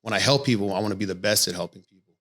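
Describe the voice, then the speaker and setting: A man's voice: lowish voice, very fast, a bit bright. A man who coaches boxing, telling stories candidly in a casual podcast conversation and swearing often. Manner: candid storytelling with frequent swearing.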